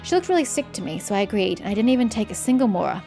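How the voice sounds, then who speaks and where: A woman's voice: medium pitch, big pitch swings, rapid-fire, creaky, dark tone, faint music behind. A woman reading the lines of a flustered, hapless man in a video game. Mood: apologetic.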